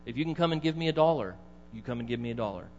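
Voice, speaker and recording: A man's voice: mid-range voice, lively intonation, very fast, close to an everyday voice. A pastor voicing a stern old grandfather, firm and plain-spoken. The recording is dull and set in a reverberant hall with faint mains hum. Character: stern old grandfather who holds to promises.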